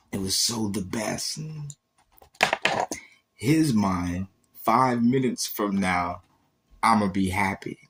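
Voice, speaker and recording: Man, livestream testimony, intense and emotional, slow delivery. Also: on the low side, slightly rough. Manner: intense, emotional, repeats and acts out quoted exchanges. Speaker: livestreamer sharing faith testimony.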